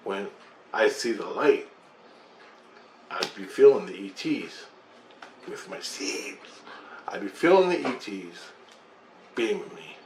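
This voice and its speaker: Animated but unhurried, this middle-aged vlogger pauses often as he recounts a long personal story with intensity, rambling and swearing. His lowish voice is a little mellow, recorded in an echoey room with faint background noise.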